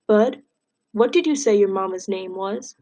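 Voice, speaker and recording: A woman reading aloud as a calm, firm older man who questions a boy gently. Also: medium pitch, a little slow, natural voice. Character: calm, steady older male bandleader.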